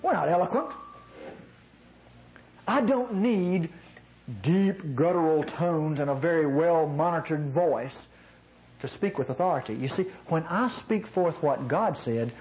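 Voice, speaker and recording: A man's voice: on the high side, lively intonation, a little slow, darkish tone, poor audio. A man from North Mississippi with a nasal voice, preaching a conversational sermon in a folksy way, often chuckling at his own asides.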